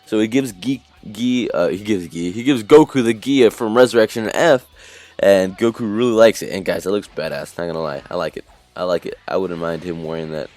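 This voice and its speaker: A man's voice: on the low side, brisk, darkish tone. A man casually recapping an anime episode as a reviewer, rambling with lots of fillers and restarts.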